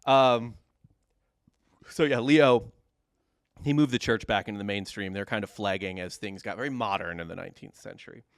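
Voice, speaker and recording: A man's voice: fairly low pitch, brisk, creaky, no room sound, clean studio sound. A man co-hosting a podcast, casually telling history with jokes and occasional mock accents. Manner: jokey, slips into mock accents. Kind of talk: casual comedic history chat.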